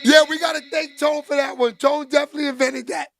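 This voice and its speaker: A man hosting a casual livestream, loud and joking as he greets viewers by name and reads their comments. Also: extremely high pitch, level tone, fast, gravelly. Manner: loud, joking, shouts out chat names. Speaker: livestream host reading chat. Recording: music playing behind.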